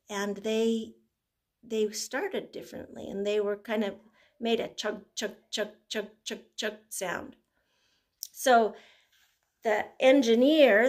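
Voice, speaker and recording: An older woman, a grandmother, leading a toddler through finger plays and songs, talking gently and breaking into simple tunes. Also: on the high side. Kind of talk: gentle children's sing-along lesson.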